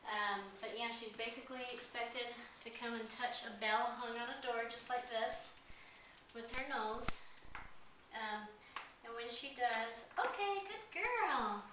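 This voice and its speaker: A woman dog trainer explaining a training routine step by step in a calm instructional demonstration, pausing with frequent fillers. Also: on the high side. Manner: explains steps calmly, with frequent "um"s. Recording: very echoey, distant mic, faint noise.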